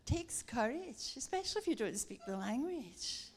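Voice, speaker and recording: A woman preaching a sermon, telling a lively story and acting it out with laughter. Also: high voice, moderate pace, slight background noise. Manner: animated, acts out the story with laughter.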